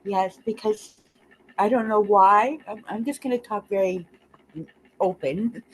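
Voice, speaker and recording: A woman on a video call, sharing openly and tearfully, halting often and laughing through her tears. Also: mid-range voice, slight background noise, rough recording. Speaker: participant in an online group call. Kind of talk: emotional open sharing.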